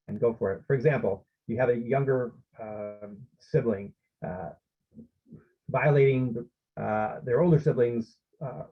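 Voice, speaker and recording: A man's voice: mid-range voice, slightly rough, dull audio. A man presenting an online parenting workshop, explaining steps and often checking in with his listeners.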